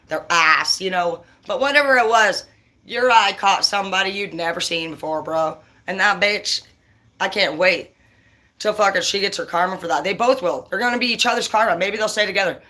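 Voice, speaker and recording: Bright-voiced, profane, ranting tarot reader. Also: mid-range voice, fairly quick. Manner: blunt and confrontational. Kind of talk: casual live reading turning into a rant.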